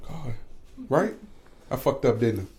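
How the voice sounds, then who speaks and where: A man co-hosting a laid-back podcast with his wife. His pitch swings widely as he jokes around and teases her in loose, slangy talk. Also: lively intonation, slow, darkish tone, a little hiss or hum. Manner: loose, joking, teasing. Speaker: podcast co-host. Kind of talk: casual chat.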